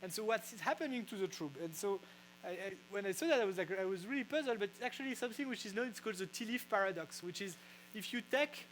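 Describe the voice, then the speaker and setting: A man with a French accent giving a casual science talk, halting with many fillers and restarts. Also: sits high, lively intonation, fairly bright tone, a little hiss or hum, rough recording. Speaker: physicist explaining brewing science. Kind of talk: casual lecture. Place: brewery.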